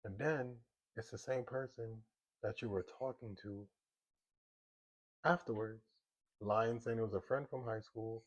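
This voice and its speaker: A man's voice: on the low side, steady tone, measured pace, long pauses, dull audio. A young adult man telling a personal story in a loose, conversational way, full of fillers and quoted back-and-forth. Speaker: storyteller sharing a personal testimony. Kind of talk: casual spoken storytelling.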